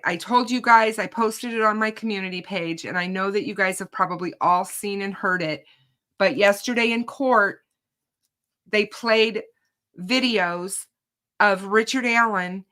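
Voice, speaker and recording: A woman's voice: medium pitch, sharp tone. A woman hosting a true crime channel, telling viewers about her day in court in an emphatic, indignant casual way.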